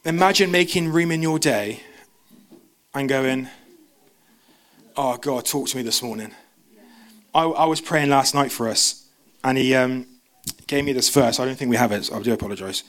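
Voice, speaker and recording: A young man, preaching a sermon in a church service as an animated storyteller who jumps into quoted voices. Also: medium pitch, moderate pace.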